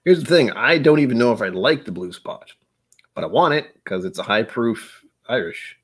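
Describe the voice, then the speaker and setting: A man's voice: medium pitch, expressive, moderate pace, husky. A young man hosting a casual live-stream whiskey tasting, rambling playfully and breaking into silly noises and humming.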